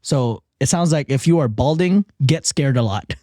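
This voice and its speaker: A man's voice: mid-range voice, animated, moderate pace, warm tone, no echo, clean studio sound. A man hosting a casual podcast, reading facts aloud and joking about them between quotes. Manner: joking, reads quotes then riffs on them. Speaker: podcast host.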